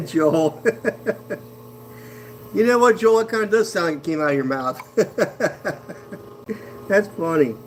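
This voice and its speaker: A man's voice: sits high, expressive, drawn-out words, pauses often, slight background noise. Easygoing, laugh-prone man chatting live. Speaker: potter hosting a live stream. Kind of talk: casual live-stream chat with viewers.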